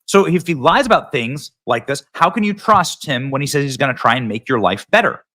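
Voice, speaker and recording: A man's voice: mid-range voice, expressive, brisk, sharp tone. A man hosting casual political commentary, sarcastic and mocking, sometimes mimicking voices.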